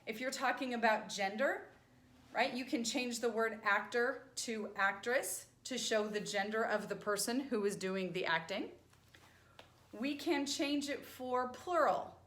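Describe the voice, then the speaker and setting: This sign language teacher, a woman with a voice on the high side and a fairly bright tone, delivers a classroom lecture on grammar at a measured pace. She explains patiently and often checks in with "right?". The room sounds echoey.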